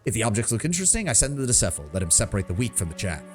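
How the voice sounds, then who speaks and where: A man's voice: fairly low pitch, big pitch swings, racing, faint music behind. A man voicing a jovial, burly frontier lord who is friendly and shrewd, speaking in a hearty, talkative way.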